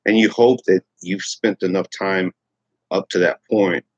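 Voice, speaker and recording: A middle-aged man talks in a relaxed, meandering way, full of ums and false starts, his voice very low and a little husky. The sound is dry and slightly dull, as if picked up at home on a modest mic. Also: unhurried, no echo. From Texas. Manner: rambling, many fillers and restarts. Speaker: livestream host. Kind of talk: casual morning livestream chat.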